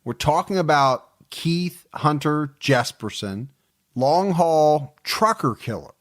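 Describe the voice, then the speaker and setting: A man's voice: fairly high pitch, expressive, slow, a bit bright. A man co-hosting a true crime podcast, chatting casually and teasing his co-host, often laughing.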